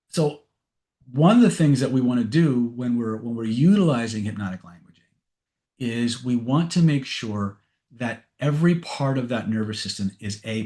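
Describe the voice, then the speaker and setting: A man's voice: medium pitch, darkish tone. A man teaching an online webinar on persuasion techniques in a conversational way, with frequent fillers, restarts and frank asides. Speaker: NLP and hypnosis trainer.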